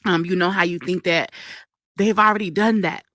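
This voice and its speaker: A woman's voice: lowish voice, fairly even intonation, moderate pace, fairly bright tone, dry recording. A woman who works as a virtual news interviewer, telling her story in casual chat and getting emotional and tearful.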